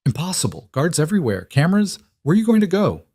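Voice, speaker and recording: A weary captive woman with an Eastern European accent, as a man puts her on. Her speech is flat and clipped in broken phrases, higher than his own voice, recorded dry and close. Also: quick pace, dry recording. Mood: flat, desperate. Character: frightened weary trafficked woman, broken English.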